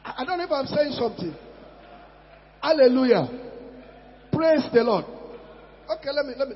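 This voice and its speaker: High-voiced emphatic preacher man in echoing hall. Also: lively intonation, normal speed, pauses often. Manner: emphatic, repeats key words, swings between loud and soft. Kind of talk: sermon. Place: church hall. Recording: dull recording in a long-echoing hall.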